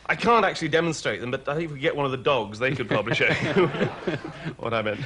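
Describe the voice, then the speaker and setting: A middle-aged man from Wales with an English accent, a talk show guest joking deadpan about absurd things and laughing often. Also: medium pitch, fast, noisy background. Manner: playful, deadpan absurd humour with frequent laughs.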